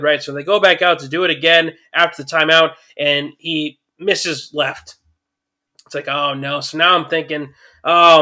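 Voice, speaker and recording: A man giving a casual, chatty recap of a football game, getting excited at big plays and using lots of fillers. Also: a little high. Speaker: sports commentator.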